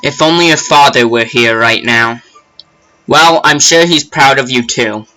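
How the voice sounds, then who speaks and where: A man's voice: medium pitch, unhurried, bright, forceful tone, soft background music, low-quality recording. A man voicing an emotional old mother in a video game, reading her lines with a fussy put-on accent. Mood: tender.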